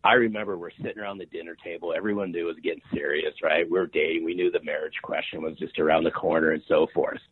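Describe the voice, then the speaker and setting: A man's voice: deep voice, fairly even intonation, fast, hardly any pauses, husky, dry recording. A man in his fifties, a sales author and podcast guest, talking emphatically and often asking "right?". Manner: emphatic, repeats words, asks "right?" often. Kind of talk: energetic interview talk. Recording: tinny phone-line sound.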